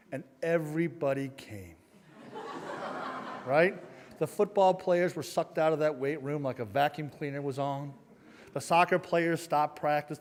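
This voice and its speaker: A middle-aged man telling a comic true story on a live stage, self-mocking and punchy, acting out shouts and sound effects. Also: a little high. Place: large hall, live stage. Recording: long hall reverb from a live stage.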